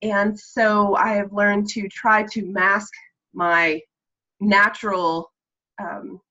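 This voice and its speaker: A woman's voice: mid-range voice, little pitch movement, takes it slowly, sharp tone. A woman from Texas with a mild Texan accent, chatting earnestly on a video call and rambling with many ums. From Texas, USA. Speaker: meeting participant. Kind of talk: casual chat on a video call. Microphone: computer mic on a video call. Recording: slightly muffled call audio.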